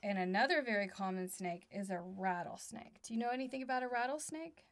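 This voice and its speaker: A woman's voice: mid-range voice, brisk. A woman co-hosting a home podcast with her child, chatting casually and asking simple questions to draw him out. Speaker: podcast co-host and mother. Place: playroom at home.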